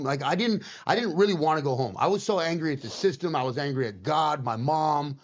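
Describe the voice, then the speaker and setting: A man telling a story in casual talk, swearing often and acting out the other people in it. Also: fairly high pitch. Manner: swearing, quick and animated retelling. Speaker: guest on a podcast. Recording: slightly dull, lo-fi sound.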